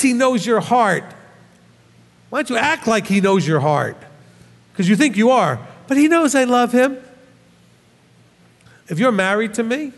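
Male rabbi-preacher, high voice, scolding, animated, reverberant hall. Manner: animated, scolding, rhetorical questions. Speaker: rabbi teacher. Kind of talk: sermon.

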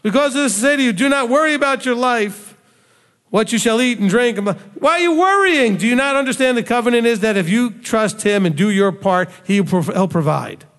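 A man's voice: extremely high pitch, brisk, fairly bright tone. A man preaching a sermon, bluntly scolding his listeners with rhetorical questions. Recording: long hall reverb.

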